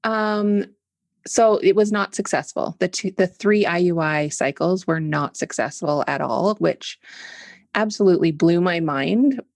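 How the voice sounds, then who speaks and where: A Canadian woman in her forties speaks as an interview guest, candid and patient as she explains things. Her voice sits low with a gravelly edge. The sound is dry and close. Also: measured pace, dry recording. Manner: open, candid, explains step by step. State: tickle in throat from smoke. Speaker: podcast guest. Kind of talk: conversational interview.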